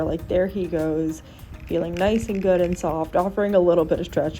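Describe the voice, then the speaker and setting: A woman's voice: fairly low pitch, a little fast, mellow. A woman horse rider narrating her vlog in a chatty, self-deprecating way, over background music.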